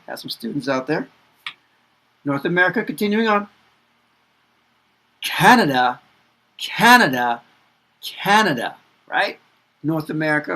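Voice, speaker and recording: A man teaching pronunciation in an upbeat, playful way, repeating each word slowly and chuckling between them. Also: high voice, a bit bright. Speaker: English teacher. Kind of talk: pronunciation lesson with repetition.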